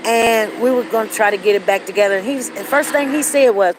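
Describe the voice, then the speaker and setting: A woman's voice: on the high side, a little fast, low-quality recording. Woman host, forties, storytelling to the audience, repeats lines, faint road noise. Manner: conversational, repeats herself, acts out quoted lines. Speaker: show host. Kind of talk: casual storytelling to viewers.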